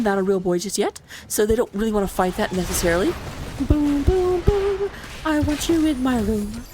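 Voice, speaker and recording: A woman with a mid-range voice casts a recorded esports match solo, with noise in the background. She's chatty and self-deprecating, full of asides and apologies, and she's recovering from surgery while sitting low in her seat, mixing game commentary with personal chat.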